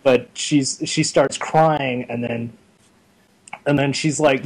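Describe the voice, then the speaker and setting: A young man being interviewed, chatting casually and telling stories in a rambling, animated way full of fillers. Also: mid-range voice, unhurried, poor audio. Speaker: interview guest. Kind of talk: casual chat.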